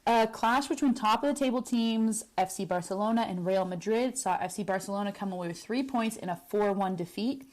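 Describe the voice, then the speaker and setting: A young woman running through football results in a brisk, news-reader way. Her pitch sits in the middle for a woman, and the delivery stays even and focused. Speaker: podcast co-host. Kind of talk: sports news roundup.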